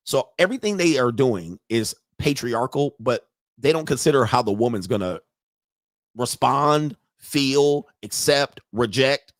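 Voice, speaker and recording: On his casual commentary stream, the host spins animated, profane stories and performs the voices of those he quotes. His voice sits at medium pitch, recorded dry with studio-grade clarity.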